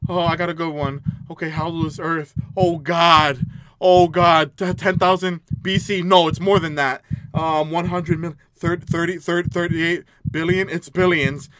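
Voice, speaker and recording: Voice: mid-range voice, level tone, measured pace, a bit bright, no echo, studio quality. A gaming host giving jumpy, nervous commentary on a horror game, laughing nervously and reading the game's text aloud.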